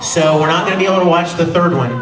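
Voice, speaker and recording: A man speaking on a live convention panel, lively and chatty, now and then acting out character lines and yells. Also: a little high, racing. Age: adult, no longer sounds young. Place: large convention hall with audience. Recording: echoey hall taped from far off with crowd.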